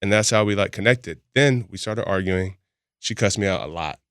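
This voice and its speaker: A man's voice: lowish voice, moderate pace, a bit bright, smooth, no room sound, clean studio sound. A man guesting on a podcast, telling stories candidly in casual chat and often laughing as he talks. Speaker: podcast guest, boxing gym founder.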